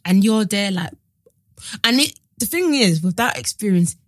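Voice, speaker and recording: A woman, co-hosting a casual podcast and telling stories with lively acted-out voices. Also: moderate pace, no echo, clean studio sound. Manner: animated storytelling, acts out quoted voices with big pitch jumps. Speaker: podcast co-host. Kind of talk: casual chat.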